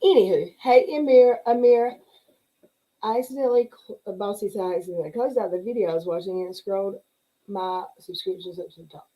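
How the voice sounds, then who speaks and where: A woman's voice: mid-range voice, a little fast, mellow, low-quality recording. A middle-aged woman hosting a livestream. She chats casually, laughs often and greets viewers by name as she reads their comments. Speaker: livestream host. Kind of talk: casual chat reading live comments.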